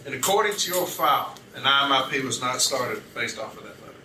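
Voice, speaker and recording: Male union advocate at an arbitration hearing, methodical, reads out exhibits page by page, mid-pitched, recorded from across a reverberant room with steady noise. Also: fast talker. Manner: methodical, citing page numbers and reading documents aloud. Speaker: union advocate questioning a witness. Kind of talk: arbitration hearing cross-examination. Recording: roomy, distant mic with background noise.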